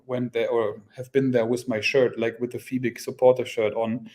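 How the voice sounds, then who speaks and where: A man's voice: medium pitch, flat delivery, normal speed, a little mellow. A young German man with a German accent, talking casually in a podcast interview, laughing often and searching for his English words. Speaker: athlete guest.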